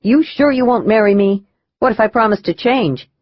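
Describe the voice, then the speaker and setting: A woman's voice: on the high side, moderate pace, no echo, lo-fi sound, voice pushed up, natural voice. A woman voicing a wisecracking male agent who jokes and teases. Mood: teasing. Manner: joking, teasing.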